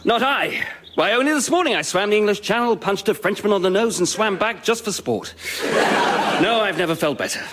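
An actor playing a jaunty, upper-class duke with a breezy manner in a comedy sketch. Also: male voice, high-pitched, expressive, fairly quick, heavy background noise. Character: doomed aristocratic duke, breezy and cheerful.

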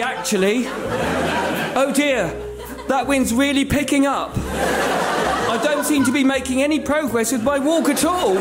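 A man playing a pompous stage mime professor who narrates his own mime. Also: very high voice. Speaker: comedy sketch performer. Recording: roomy hall with live audience and music.

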